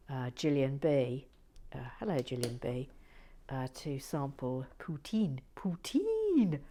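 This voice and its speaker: Soft low-voiced woman, playful asides. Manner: soft-spoken, playful, frequent whispered asides and stammered restarts. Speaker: channel host building and reviewing brick sets. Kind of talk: relaxed casual chat to viewers.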